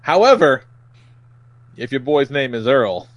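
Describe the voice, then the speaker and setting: Wry middle-pitched podcast man. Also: sing-song, measured pace, no room sound. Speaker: podcast co-host. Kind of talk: casual chat.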